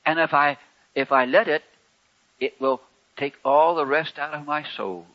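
A man preaching a sermon in a folksy, conversational way, with wry humor and sharp swings between loud and soft. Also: fairly high pitch, fairly even intonation, measured pace, highs cut off.

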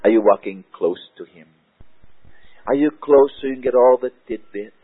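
A man preaching a sermon and praying aloud, repeating his phrases and often falling to a hushed voice. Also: mid-range voice, moderate pace, breathy edge, no echo. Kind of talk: sermon and spoken prayer. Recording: tinny, narrow-band lo-fi recording.

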